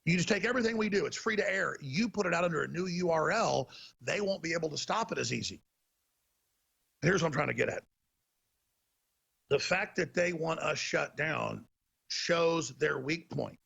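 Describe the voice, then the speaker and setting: A man's voice: on the high side, lively intonation, normal speed, vocal fry, pauses often, fairly bright tone, slightly rough, dull audio. A man hosting a talk show, delivering a heated, emphatic ranting monologue.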